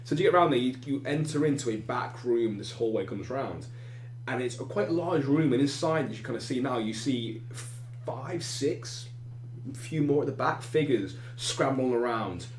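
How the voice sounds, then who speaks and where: A man narrates a tabletop role-playing game as its game master, sometimes jumping into short, loud lines for bystanders. His voice sits in a roomy, echoing space, with a faint hum in the background. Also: medium pitch, moderate pace. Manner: animated, acts out shouting side characters.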